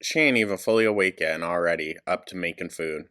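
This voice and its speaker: A man's voice: deep voice, fast talker, fairly bright tone, smooth. A man giving sarcastic reaction commentary over a clip, blunt and mocking, with laughing asides.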